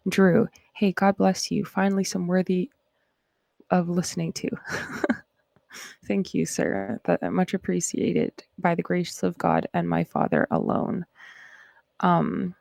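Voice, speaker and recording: A woman's voice: fairly low pitch, gravelly, darkish tone, no echo, clean studio sound. A Canadian woman hosting a live stream, chatting casually with viewers in a rambling, reflective way before reading scripture aloud.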